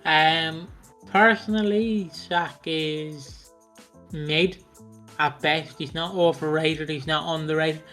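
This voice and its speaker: A man with a high voice chats casually over a video call, swearing freely and slipping into quick impressions of the people he talks about. Faint music sits behind him. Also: steady tone, a bit bright. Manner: sweary, mimics characters in bursts. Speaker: podcast co-host.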